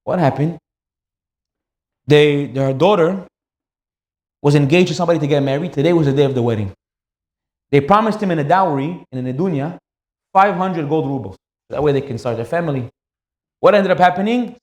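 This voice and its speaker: A man giving a sermon as a rabbi, telling a story in an animated way and acting out the characters. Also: a little high, a little fast, long pauses, reverberant.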